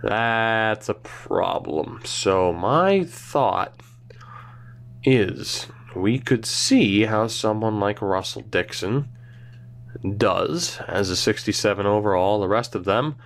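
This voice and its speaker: A man's voice: fairly low pitch, lively intonation, takes it slowly, creaky. A young man casually narrating a hockey video game, thinking aloud and rambling with self-mocking asides. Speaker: gaming channel host. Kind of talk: casual gameplay commentary.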